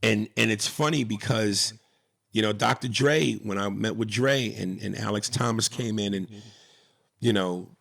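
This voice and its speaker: A man hosting a comedy podcast, telling animated stories in casual chat and restarting his sentences often. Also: on the low side, measured pace, gravelly. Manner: animated, storytelling, restarts a lot.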